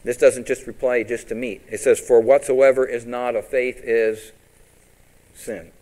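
A pastor preaching with lively emphasis. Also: male voice, measured pace, low-quality recording. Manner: preaching to a congregation, asking questions and quoting scripture; rises and drops in pitch and loudness for emphasis. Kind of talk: sermon.

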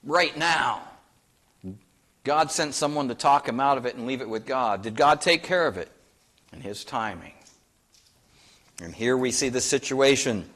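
A man's voice: mid-range voice, animated, unhurried, pauses often, a bit bright. A male pastor delivers a sermon in a mid-range voice, emphatic and earnest. He presses his points with rhetorical questions. He reads scripture aloud in its old-fashioned wording.

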